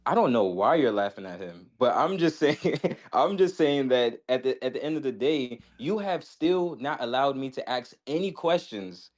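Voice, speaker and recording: A man in a heated debate, halting and restarting, pleading to get his questions heard. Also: mid-range voice, lively intonation, a little mellow.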